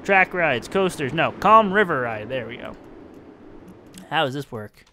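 A man's voice: a little high, expressive, unhurried, bright, forceful tone, a little hiss or hum. A young man giving casual, self-mocking commentary while playing a building game, talking to himself as he works. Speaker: let's-play gamer.

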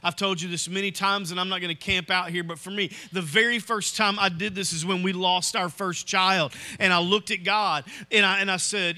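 A pastor preaching a sermon in a church, animated and often checking in with "Okay?". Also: male voice, high voice, moderate pace, hardly any pauses. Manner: animated, acts out quoted voices, asks "Okay?". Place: church sanctuary.

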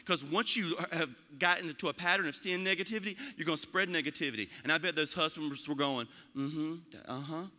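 A man giving a motivational talk about school leadership, animated and acting out quoted voices. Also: on the high side, quick pace, few pauses, in a large hall. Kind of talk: motivational speech.

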